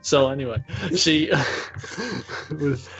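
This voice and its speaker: A man's voice: on the high side, very slow, fairly bright tone, slightly rough, muffled recording, soft background music. A man narrating as game master of a tabletop role-play, hesitant and full of fillers. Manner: hesitant, many fillers and restarts.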